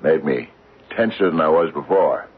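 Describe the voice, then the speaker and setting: An aging widower who built his business and now feels washed up. He stammers and repeats himself, and his voice is very deep, rough and husky. It comes through a narrow, phone-like old radio recording. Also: lively intonation, heavily acted. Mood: weary. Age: older. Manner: stammering, halting, repeats words. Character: anxious aging widowed businessman, restless and lost. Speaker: father and retired company founder. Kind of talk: 1950s radio drama acting.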